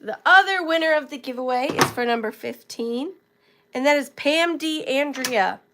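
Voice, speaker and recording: A woman's voice: high voice, expressive, normal speed, noisy background. A woman hosting a live-stream sale, chatting fondly with viewers and thanking them by name while she feels a bit unwell. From southern United States. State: feeling unwell. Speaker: live-stream auction host. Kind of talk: casual live-stream selling chat. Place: home workspace.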